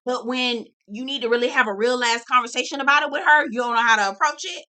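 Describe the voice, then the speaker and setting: A sassy woman runs through a reality TV episode in a loose, profane recap. Her voice sits a little high and sounds bright and forceful, and she keeps turning to her viewers as "girl". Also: fast talker, clear, resonant tone. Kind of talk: casual profane recap commentary.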